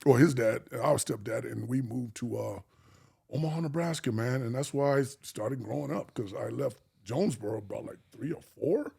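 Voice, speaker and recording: A man from Arkansas telling an animated life story as a podcast guest, acting out the people he quotes and swearing freely. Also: medium pitch, normal speed, gravelly, husky. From Arkansas, USA.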